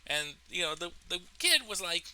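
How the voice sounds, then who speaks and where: A man telling a story from his life in a casual storytime monologue, animated and profane, laughing at his own tale. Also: high voice, normal speed, clear, resonant tone, low-quality recording. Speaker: storytelling vlogger.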